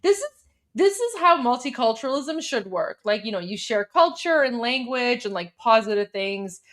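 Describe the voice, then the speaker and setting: Young female livestream co-host, somewhat high voice, quick and chatty. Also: sing-song, fairly bright tone. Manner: upbeat, chatty, quick asides. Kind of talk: casual livestream chat.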